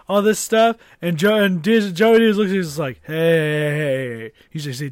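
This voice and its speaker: A man's voice: a little high, normal speed, hardly any pauses, no room sound. A young man co-hosting a casual podcast, swearing a lot and laughing often as he retells stories. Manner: swears constantly, laughs often, mimics people while retelling. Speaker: podcast co-host. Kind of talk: casual crude banter.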